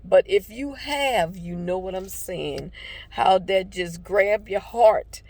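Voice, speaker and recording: Older woman with a gravelly voice. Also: mid-range voice, slow, a little mellow, dry recording. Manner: heartfelt, rambling storytelling with many fillers. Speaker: devotional vlogger. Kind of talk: casual personal testimony with encouragement.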